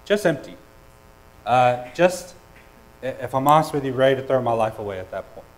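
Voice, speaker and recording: A man's voice: mid-range voice, animated, normal speed, rough recording. Earnest man preaching a sermon. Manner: earnest, personal, with hesitant restarts and dynamic swings. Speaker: pastor.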